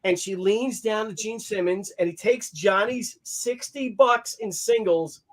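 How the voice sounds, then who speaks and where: A man's voice: high voice, unhurried. A man telling a rambling, profane anecdote in casual chat, acting out the other people in it with changed voices. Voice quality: animated, acts out quotes in other voices. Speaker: podcast guest telling an anecdote. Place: hotel stories; recorded on a video call show.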